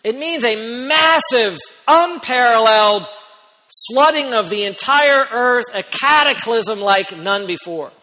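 A man preaching a sermon as pastor, who speaks emphatically and rises to near-shouts on key points. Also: extremely high pitch, animated, slow pace, big-room sound.

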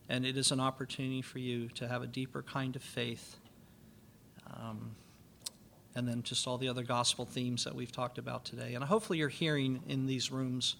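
A man's voice: medium pitch, gravelly, pushed and bright, a little hiss or hum. A man giving an earnest, pastoral conference talk on biblical counseling, with frequent filler words.

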